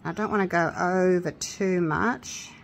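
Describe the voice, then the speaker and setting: A woman chatting casually through a resin crafting tutorial, excitable and gushing with delight. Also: on the low side, unhurried, creaky, a little hiss or hum. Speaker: craft vlogger.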